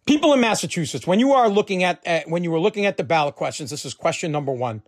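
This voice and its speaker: A man's voice: sits high, expressive, brisk. A man delivering a heated, profane political rant, fired up and repeating himself.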